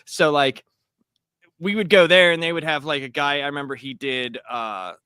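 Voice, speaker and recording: A man in his thirties co-hosting a casual podcast chat, telling animated stories with swearing and acted-out quotes. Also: a little high, normal speed, smooth, no room sound, clean studio sound. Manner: animated storyteller, swears, laughs, acts out quotes. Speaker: podcast co-host.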